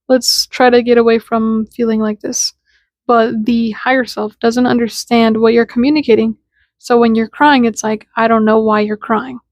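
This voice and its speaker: A woman's voice: fairly high pitch, darkish tone, no echo, clean studio sound. A woman giving a casual spiritual talk, chatty and slangy, acting out little dialogues as she explains. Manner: chatty and informal, acts out little dialogues in quotes; slangy, with lots of "like" fillers. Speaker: spiritual content creator.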